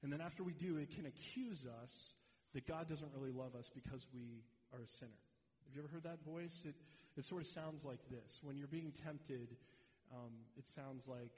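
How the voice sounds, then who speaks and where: A man's voice: medium pitch, normal speed, darkish tone. A male pastor preaching a sermon, earnest and direct as he speaks to the congregation. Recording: long reverb of a large hall.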